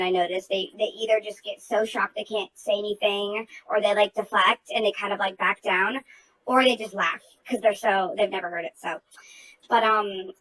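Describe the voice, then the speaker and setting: A woman's voice: mid-range voice, pushed and bright, rough recording. A woman in casual group chat, telling a heated story in an outspoken, profane way with lots of fillers.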